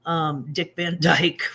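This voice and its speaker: A woman in her fifties hosts a casual livestream, reading viewer comments aloud and answering them while joking at her own expense. Her voice is deep, husky and fairly bright, with a level tone and drawn-out words.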